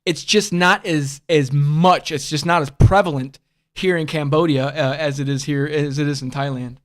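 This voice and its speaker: Blunt, profane man with a high voice. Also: fairly even intonation, moderate pace, fairly bright tone. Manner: blunt and profane, rambling with restarts. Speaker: livestream host. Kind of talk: casual livestream chat.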